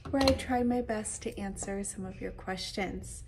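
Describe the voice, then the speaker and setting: A woman's voice: mid-range voice, normal speed, few pauses, a little hiss or hum. A woman hosting a casual knitting podcast, chatty and enthusiastic, her voice a little tired and hazy. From Michigan. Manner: chatty, warm-hearted, enthusiastic with fillers. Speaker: podcast host. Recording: voice a bit distant from the mic.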